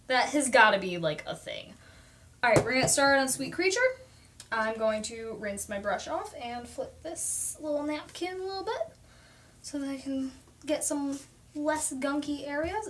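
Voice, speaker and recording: A woman's voice: on the high side, fairly bright tone, a little hiss or hum. A young woman chatting casually on a livestream while she paints, talking through her process, reading viewer comments aloud and poking fun at herself. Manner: chatty, self-deprecating, reads out viewer comments.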